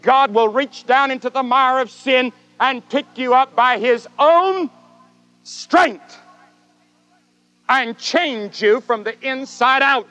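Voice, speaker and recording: An older man preaching a sermon dramatically, with swelling repetitions and long pauses. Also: extremely high pitch, pushed and bright, no echo. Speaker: evangelist preacher.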